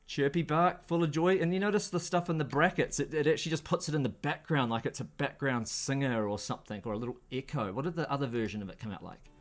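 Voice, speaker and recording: A man hosting a casual screen-share tutorial, relaxed and thinking aloud as he clicks through steps. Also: medium pitch, quick pace, hardly any pauses. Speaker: host.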